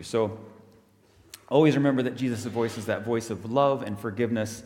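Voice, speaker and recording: Friendly minister in an echoey church. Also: male voice, mid-range voice, normal speed, a little mellow. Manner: friendly, explaining. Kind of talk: children's talk in a church service.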